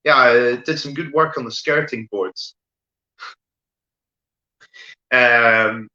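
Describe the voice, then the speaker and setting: A man delivers deadpan one-liners in a stand-up set, his voice very bright and forward. He keeps checking in with the audience and fills gaps with ums. The sound is dull and lo-fi, with a roomy echo from a home room. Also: mid-range voice, slow. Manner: deadpan delivery with frequent "right?" asides and fillers. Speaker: stand-up comedian. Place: home room, streamed online show.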